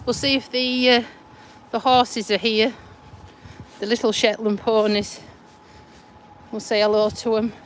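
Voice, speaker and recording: An English woman with a fairly high voice chats slowly and teasingly as she walks outside. She talks into a phone held in her hand and sounds a little out of breath. Faint traffic hums behind her. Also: level tone. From England. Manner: chatty, teasing, laughs often. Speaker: vlogger. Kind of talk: casual live-stream chat. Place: outdoors on a roadside footpath. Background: passing traffic.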